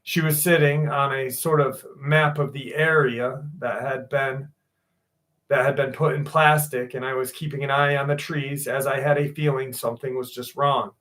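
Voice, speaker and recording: A man's voice: medium pitch, level tone, moderate pace, fairly bright tone. A man in his forties hosting a livestream. He chats casually, greets viewers by name, swears freely and reads listener stories aloud. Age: 40s. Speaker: livestream host.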